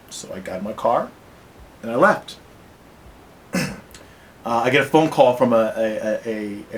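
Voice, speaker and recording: Man, lowish voice, halting personal account, lots of ums, faint rumble behind. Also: low-quality recording. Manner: halting, many fillers and restarts. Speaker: teacher recounting an incident.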